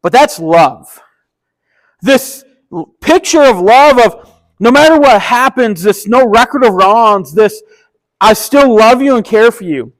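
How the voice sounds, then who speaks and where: Man, high voice, casual preacher, enthusiastic storyteller, slangy and chatty. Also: lively intonation, measured pace, poor audio. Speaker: pastor. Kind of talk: casual sermon retelling a story.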